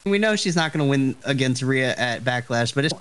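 A man in an everyday mid-pitched voice, trading jokes with friends on a podcast call. He teases and laughs easily, loose and chatty rather than polished. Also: animated, fairly quick, a bit bright. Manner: playful, laughing, flirty joking. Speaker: podcast co-host. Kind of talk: casual live-reaction chat.

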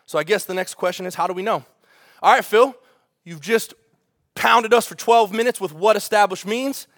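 A man preaching a sermon as pastor, in an animated, conversational way, asking the congregation rhetorical questions. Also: high-pitched, moderate pace, no room sound, clean studio sound.

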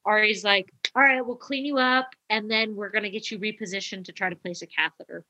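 A young adult woman, a nurse, telling a story in casual chat and acting out quotes with big jumps in pitch. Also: fairly even intonation, fairly quick, sharp tone.

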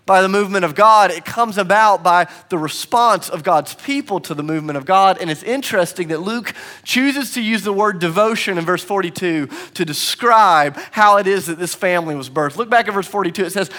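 Guy in his 30s giving a sermon in church, slightly high voice, jokey storytelling, leans on repeats. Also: sharp tone. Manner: storytelling with playful self-mockery and emphatic repetition. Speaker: pastor. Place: church sanctuary.

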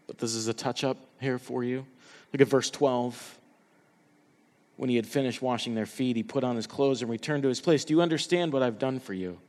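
A man preaching a passionate sermon as pastor, dropping to hushed tones for quoted words. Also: medium pitch, fairly quick, in a large hall.

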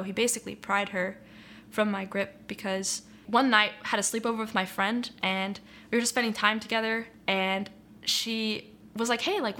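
This young woman, interviewed about her faith, tells her testimony in an earnest, reflective, conversational manner with frequent "like" and "you know." Her slightly high voice sounds bright and forceful over slight background noise.

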